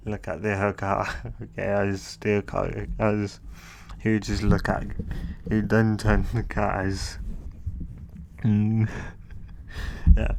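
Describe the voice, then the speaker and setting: Slow, gravelly man rambling a story. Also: lowish voice, a little hiss or hum. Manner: rambling, halting, with restarts and chuckles. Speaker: fan fiction narrator. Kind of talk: improvised storytelling.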